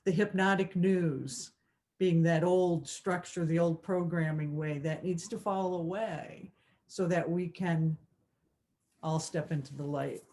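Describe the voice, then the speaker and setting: A woman's voice: lowish voice, slow pace, darkish tone, slight background noise. A woman co-hosting a spirituality talk show, chatting casually, earnest and reflective, with many fillers and restarts. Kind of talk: casual chat.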